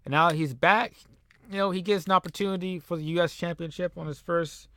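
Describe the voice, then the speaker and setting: A man's voice: high voice, steady tone, a little fast, sharp tone, a little hiss or hum. A man casually recapping a wrestling simulation game, rambling with fillers and chuckles. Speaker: game commentator. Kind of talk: casual let's-play recap.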